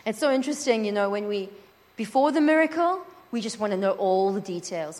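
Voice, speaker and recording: A woman preaching at a conference, lively and acting out quoted prayers and dialogue. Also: sits high, a little fast. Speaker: conference speaker. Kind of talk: sermon. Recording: long hall reverb.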